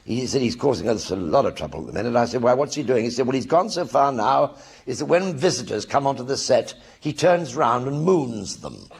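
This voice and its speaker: Older man spinning animated stage anecdotes. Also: mid-range voice, brisk, gravelly, a little hiss or hum. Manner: animated raconteur acting out other people's voices. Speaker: actor telling stories on stage. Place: theatre stage before a live audience.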